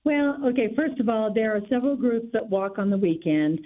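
A woman's voice: on the high side, brisk. Woman calling in over a tinny phone line. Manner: steady, informative, lists details. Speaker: guest, local party volunteer organizer. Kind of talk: phone-in radio interview. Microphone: telephone.

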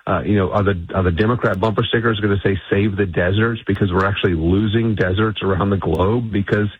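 A man's voice: on the low side, fairly even intonation, fast, breathy edge, no room sound. A man being interviewed on radio as an energy institute CEO, talking emphatically and assertively with frequent restarts. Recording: dull lo-fi radio line.

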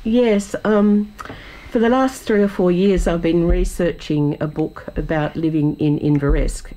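A woman with a husky voice from a cold, explaining local history as a radio guest. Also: fairly low pitch, mellow, poor audio. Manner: storytelling, explanatory. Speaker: author guest. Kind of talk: radio interview.

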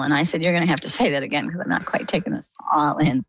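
An older woman from Maine tells her story as an interview guest, her voice low and gravelly. She acts out each quoted exchange as she goes. The sound is dry and close, with no room around it. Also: steady tone, quick pace, hardly any pauses, dry recording, low-quality recording.

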